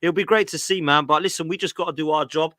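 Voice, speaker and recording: A man's voice: a little high, fairly even intonation, fast talker, a bit bright. A man hosting a football podcast, upbeat and matey, calling everyone "mate" and "man". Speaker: podcast host. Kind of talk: casual podcast chat.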